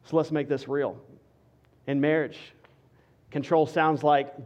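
A male pastor preaching a sermon with an emphatic, repetitive rhetorical cadence that drops to quiet for stress. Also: fairly high pitch, steady tone, slow pace.

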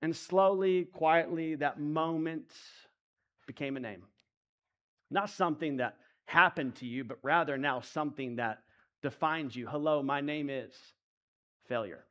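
A male pastor delivers a sermon in a fairly high voice. He draws listeners in with quiet, intimate passages, then builds to emphatic, urgent peaks. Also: a little slow, highs cut off. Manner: intimate preaching that swings from hushed to emphatic.

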